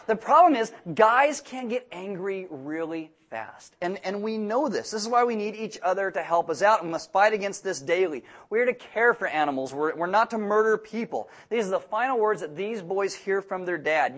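A man's voice: high-pitched, lively intonation, a little fast, hardly any pauses. A man preaching a sermon in a church, blunt and direct, with joking asides and sudden bursts of emphasis. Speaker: pastor.

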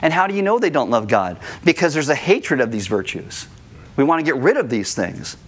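A man preaching a sermon as pastor, telling stories with lively acted-out voices. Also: medium pitch, brisk. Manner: animated storytelling, acts out kids' voices. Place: church room.

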